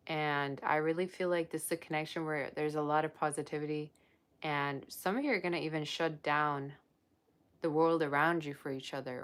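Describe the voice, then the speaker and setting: On a live-streamed tarot reading, a woman with a strikingly low voice acts as the reader. Her talk is chatty and effusive, and she gushes over each card as she reads it.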